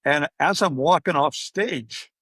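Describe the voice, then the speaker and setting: A man's voice: fairly high pitch, takes it slowly, pushed and bright, husky, no room sound. An older man, a podcast guest and coach, telling anecdotes in a casual interview and acting out the voices of people he quotes.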